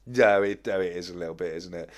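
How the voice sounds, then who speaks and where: A man's voice: low voice, fast talker. A man hosting a casual live stream, chatting loosely and reading out and counting viewer comments. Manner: chatty, restarts phrases, counts comments aloud. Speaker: livestream host.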